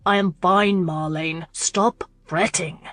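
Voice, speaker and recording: A woman narrator voicing a brooding young male aristocrat who speaks wearily and gruffly. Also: lowish voice, fairly even intonation, takes it slowly, fairly bright tone, dry recording. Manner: weary, gruff, clipped.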